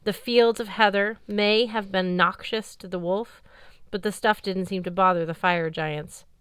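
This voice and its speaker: A woman reads an audiobook in the first person with a wry storyteller's touch. Her voice is bright and crisp, and the recording is close and dry with no room sound. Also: medium pitch, steady tone, measured pace, dry recording. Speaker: audiobook narrator.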